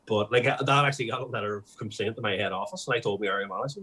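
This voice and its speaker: Husky-voiced man telling swearing stories. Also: on the low side, rapid-fire, pushed and bright. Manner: swearing, rambling storyteller. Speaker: podcast guest. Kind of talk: casual chat.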